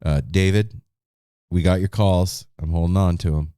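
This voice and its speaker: A man's voice: sits low, steady tone, normal speed, warm tone, clear, resonant tone, dry recording, clean studio sound. A man hosting a casual chat podcast, laid-back, with loose sign-offs. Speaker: podcast host.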